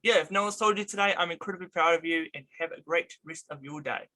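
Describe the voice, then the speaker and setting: A man hosting a relaxed interview chat, his voice bright and forward. He talks in an upbeat, encouraging way, stretching out some of his phrases. The tone stays friendly and casual. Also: a little high, fast. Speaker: interview show host.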